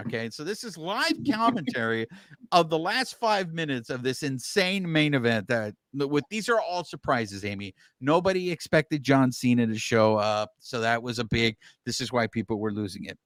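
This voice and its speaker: A man co-hosting a podcast, explaining things at length in casual, animated chat with filler words. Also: mid-range voice, moderate pace, dry recording, clean studio sound. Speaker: podcast co-host.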